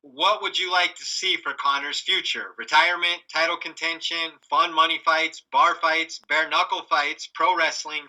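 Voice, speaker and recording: A man's voice: fairly high pitch, steady tone, normal speed, hardly any pauses, bright, forceful tone, rough recording. A man co-hosting a casual podcast, answering with dry, reasoned comebacks. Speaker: podcast co-host. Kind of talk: casual chat.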